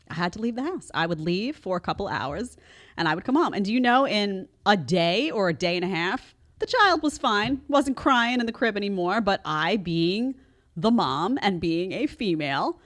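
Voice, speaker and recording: A woman's voice: medium pitch, animated, moderate pace, fairly bright tone. A middle-aged woman hosts a casual commentary podcast, speaking with an emphatic, chatty delivery. Her voice sits at a medium height and swoops up and down a great deal as she talks. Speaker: podcast host.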